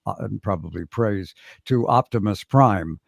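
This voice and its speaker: An older man, a voice actor guest, talking in a relaxed, self-deprecating way with stammering restarts. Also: lowish voice, a little slow, creaky, no echo, clean studio sound. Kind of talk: casual interview chat.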